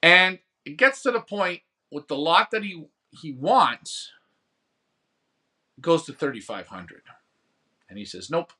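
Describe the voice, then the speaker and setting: A man's voice: on the high side, very animated, measured pace, long pauses, bright, forceful tone. A man hosting a pigeon racing show, telling a rambling story about an auction and answering viewer comments in casual chat. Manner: rambling storytelling, acts out phone bids. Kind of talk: casual live-stream chat.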